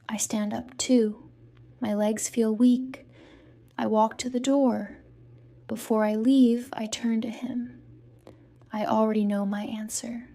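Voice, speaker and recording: Woman narrating a story, slow clear reading, flat, raspy-ish. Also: a little high. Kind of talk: scripted first-person story narration.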